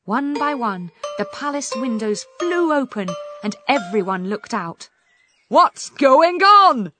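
Slow, lilting woman storyteller. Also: on the high side. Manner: slow, expressive read-aloud. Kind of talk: storybook reading. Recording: music playing behind.

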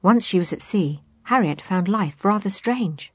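Husky woman reading a children's storybook. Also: medium pitch, a little slow, dry recording. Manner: expressive, animated storytelling. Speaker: narrator. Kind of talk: children's storybook read-aloud.

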